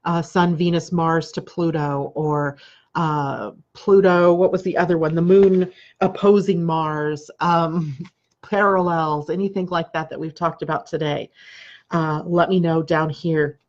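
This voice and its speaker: A woman astrologer hosting a live stream, talking calmly and repetitively, often checking in with "right?". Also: deep voice, measured pace, lo-fi sound. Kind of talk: live-streamed spiritual talk.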